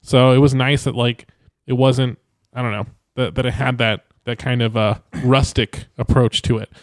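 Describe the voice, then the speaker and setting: Man, podcast co-host, casual rambling chat, middle pitch, dry close sound. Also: steady tone, normal speed, no echo. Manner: rambling, hedging with fillers.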